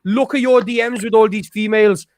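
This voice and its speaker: High-voiced man ranting angrily. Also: fairly even intonation, brisk, darkish tone, no room sound, studio quality. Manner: angry, profane, stammering with many restarts. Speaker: streamer. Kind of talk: heated rant on a live stream.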